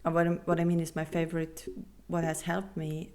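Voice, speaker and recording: A woman hosting a spiritual podcast, talking earnestly and reassuringly with non-native phrasing, sometimes dropping to a soft half-whisper. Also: low voice, monotone, fairly quick. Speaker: podcast host and spiritual coach. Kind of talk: casual podcast monologue.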